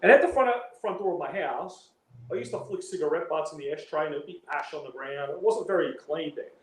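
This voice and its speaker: A man's voice: fairly high pitch, brisk. An Australian man telling a long story in casual chat, rambling and full of slangy filler tags. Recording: roomy with faint background noise.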